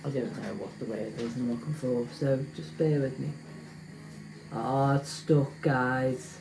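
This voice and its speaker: A woman's voice: rumbling low, steady tone, a little slow, vocal fry, noisy background. Woman, home cooking vlogger, self-mocking chatter to viewers, echoey kitchen, clanking pots. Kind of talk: casual cooking vlog. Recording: echoey kitchen with clattering pans.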